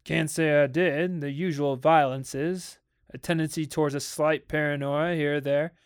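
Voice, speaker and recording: A man's voice: fairly high pitch, steady tone, normal speed, clean tone, no room sound, clean studio sound, lightly acted. A man reading as a wry, matter-of-fact psychologist. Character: calm, dry adult male psychologist. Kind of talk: dramatic audiobook reading.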